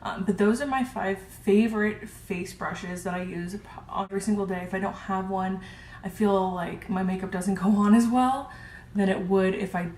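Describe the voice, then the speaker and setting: A woman's voice: mid-range voice, fairly even intonation, normal speed, darkish tone. A woman casually reviewing her makeup brushes, gushing and chatty with lots of ums. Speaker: beauty vlogger. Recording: roomy with faint hiss.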